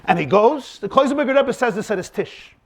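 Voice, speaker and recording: A male rabbi delivers a lecture on faith. He tells his stories dramatically and pushes his points with rhetorical questions. His voice sits high and swings widely in pitch. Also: animated, brisk. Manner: dramatic storyteller, emphatic and rhetorical. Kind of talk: lecture on faith with acted-out anecdotes.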